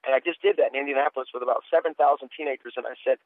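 A middle-aged preacher man tells stories in an interview, earnest and animated as he replays what others said. His voice comes through thin and tinny, as if over a phone line. The sound is dry and close. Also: a little high, racing, few pauses, no room sound. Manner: earnest storytelling, animated retelling of dialogue. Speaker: preacher guest. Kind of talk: testimony-sharing interview.

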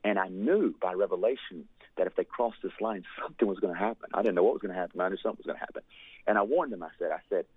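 A man's voice: low voice, rapid-fire, slightly rough, no room sound. A man telling a fervent ministry testimony in an earnest storytelling way, full of "you know" fillers. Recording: dry, tinny phone-like line.

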